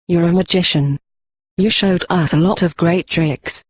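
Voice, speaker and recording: Brief: condescending know-it-all pony mare, slow and patient, read by a husky synthetic male voice. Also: lowish voice, dry recording. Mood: patronizing. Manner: speaks slowly, as to a child. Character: earnest female unicorn pony, patronizing scholar. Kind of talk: synthetic fanfic reading.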